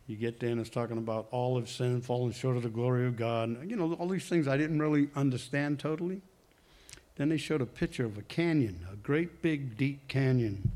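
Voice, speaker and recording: A man's voice: mid-range voice, darkish tone. Man rambling through a church testimony. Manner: rambling, conversational, corrects himself mid-sentence. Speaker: church member giving testimony. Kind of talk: personal testimony to a congregation.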